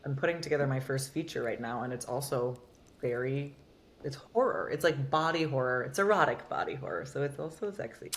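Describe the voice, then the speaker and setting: A woman's voice: a bass voice, fairly quick. A woman actor talking as a podcast guest, candid and rambling with lots of filler words. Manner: candid, rambling, heavy use of "like". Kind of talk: casual interview chat.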